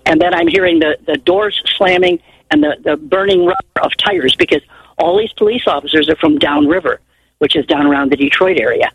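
Husky older woman calling in. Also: low-pitched, brisk, no echo, rough recording. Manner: chatty, rambling storyteller. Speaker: caller. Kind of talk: call-in radio chat.

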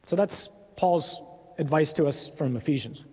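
A man preaching a sermon in an earnest, emphatic way with deliberate pauses. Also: a little high, darkish tone, husky, long reverb tail.

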